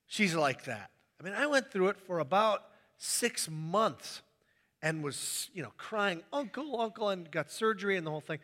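A man preaching a sermon in a church, animated and joking with the congregation. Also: high voice, long reverb tail. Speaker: pastor.

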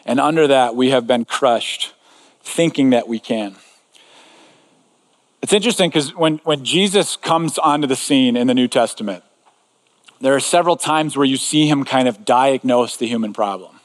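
A man's voice: medium pitch, moderate pace. Conversational male preacher in a reverberant hall. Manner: conversational, with frequent asides and filler words. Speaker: pastor. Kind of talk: sermon. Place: large room before an audience. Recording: long reverb in a large hall.

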